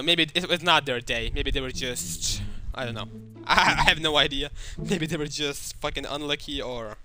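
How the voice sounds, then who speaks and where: A young man giving casual gameplay commentary, trash-talking and swearing at opponents. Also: medium pitch. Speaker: gaming YouTuber. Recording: game music underneath.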